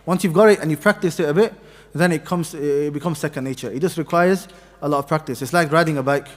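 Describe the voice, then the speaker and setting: A man's voice: fairly high pitch, quick pace. Man teaching in a reverberant mosque hall. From Pakistani heritage. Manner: patient, repeats letters for students to copy. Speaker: tajweed teacher. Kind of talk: mosque class lesson.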